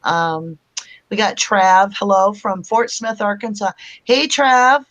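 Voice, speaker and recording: A woman's voice: mid-range voice, fairly even intonation, slow pace, a bit bright, highs cut off. A woman hosting a casual live-stream chat from home, chatting loosely and greeting viewers by name as she reads their comments aloud. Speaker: host of a live chat show.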